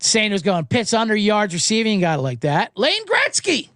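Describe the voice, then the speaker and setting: A man hosting a sports betting show, talking casually and telling anecdotes with quick character voices. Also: high-pitched, no room sound, clean studio sound. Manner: animated storyteller, doing quick voices in anecdotes.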